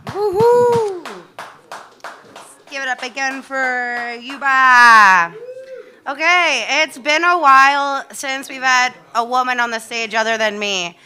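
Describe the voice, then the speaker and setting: A high-voiced woman emcees an open mic, drawing out her loud, cheering introductions. The room is noisy and her mic sits a little far off. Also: lively intonation, takes it slowly. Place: comedy club stage.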